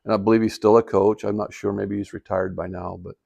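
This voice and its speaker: A man's voice: fairly low pitch, little pitch movement, fast, creaky, mellow. An older man in retirement telling a personal story in a casual, rambling way, with many fillers and restarts. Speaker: vlogger telling life stories.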